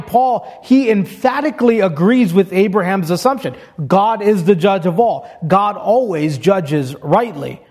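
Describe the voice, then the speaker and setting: A man's voice: sits high, a little mellow. A man preaching an expository sermon, reading scripture aloud and explaining it step by step in an earnest way.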